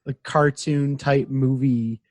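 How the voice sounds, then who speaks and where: A man's voice: mid-range voice, steady tone, takes it slowly, a little mellow, dry recording, studio quality. A man hosting a podcast, talking casually and rambling with lots of fillers. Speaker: podcast host. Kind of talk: casual chat.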